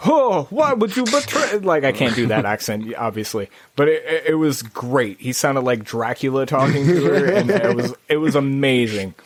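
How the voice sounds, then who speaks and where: A man in casual podcast chat about video games, rambling and restarting as he goes. His pitch jumps sharply when he gets excited. The sound is close and dry. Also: normal speed, few pauses, no room sound. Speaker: podcast co-host.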